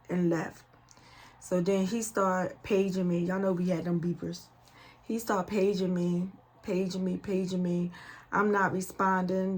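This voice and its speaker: Middle-aged woman, gravelly voice, casual storyteller who repeats herself and acts out dialogue. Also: mid-range voice. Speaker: vlogger.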